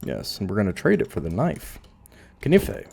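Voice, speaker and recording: A man's voice: lowish voice, wildly swooping pitch, normal speed, vocal fry, warm tone, a little hiss or hum. A man casually commentating as he plays a video game, musing aloud with dry asides. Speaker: gameplay commentator. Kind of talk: casual let's play commentary.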